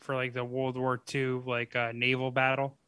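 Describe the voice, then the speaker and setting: A man's voice: mid-range voice, completely flat delivery, normal speed, pushed and bright, clean tone, dry recording. A man co-hosting a podcast, joking and swearing in loose casual chat with many fillers. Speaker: podcast co-host.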